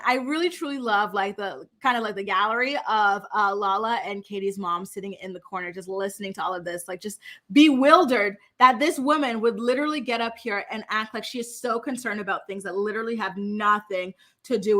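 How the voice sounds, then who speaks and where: A woman's voice: fairly high pitch, sharp tone. A young woman giving a sassy, gossipy recap of a reality show, full of fillers and asides. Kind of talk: casual recap commentary.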